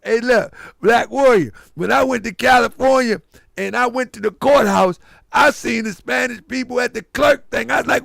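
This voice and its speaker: A man hosting a casual live stream, rambling and animated and breaking into loud laughter. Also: very high voice, a little slow, creaky, dry recording.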